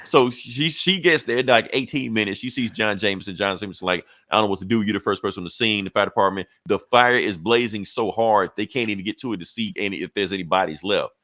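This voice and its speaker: Man, low-pitched, casual profane comic-recap host, dry close sound. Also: fairly bright tone, dry recording. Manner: loose, profane storytelling with quick acted-out quotes. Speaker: comic book podcast host.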